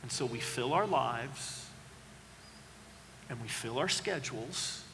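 A man preaching a sermon, dramatic, acting out quoted voices and swinging from loud to hushed. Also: medium pitch, expressive, takes it slowly, creaky, long reverb tail, slight background noise. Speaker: pastor.

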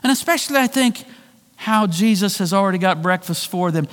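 A man preaching a sermon, retelling a story and acting out the voices in it, shifting between loud and hushed delivery. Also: high voice, lively intonation, a little fast. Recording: long hall reverb.

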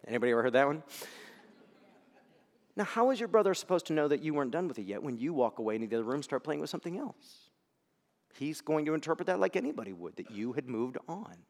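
A male pastor preaching with a lively, swooping delivery that sometimes sinks to a hush. His voice sits a little high for a man. The sound rings in a long, echoey hall. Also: brisk. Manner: animated storytelling, dropping to near-whispers. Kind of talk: sermon.

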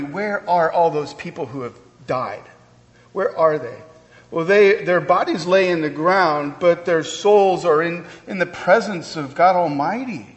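Male pastor, slightly higher voice, earnest sermon with casual asides, long hall reverb. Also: fairly bright tone. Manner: earnest, conversational with asides and humor.

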